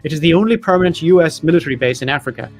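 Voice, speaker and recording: A man's voice: on the high side, very fast, soft background music. A man hosting a podcast, reading off facts and lists in a casual chat with jokey asides. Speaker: podcast host.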